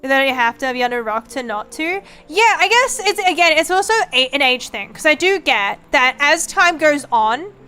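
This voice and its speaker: A young woman streaming as a vtuber talks at normal speed with few pauses, her voice high, soft music underneath. She chats casually, cursing often as she rambles animatedly through her stories.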